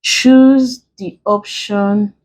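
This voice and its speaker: In a steady, mid-range voice with a slight mellowness, a Nigerian woman teaches online exam prep, carefully explaining each answer step by step in her Nigerian English accent.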